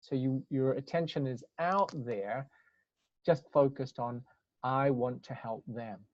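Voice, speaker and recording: A man talks through his ideas in a calm, considered way, pausing and restarting words as he thinks. His voice sits at a middle pitch. The sound is dry and a bit muffled, like audio from an online video call. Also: no room sound. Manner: thoughtful, searching phrasing with restarts. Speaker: webinar speaker on communication. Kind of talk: reflective webinar talk. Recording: dull lo-fi webinar audio.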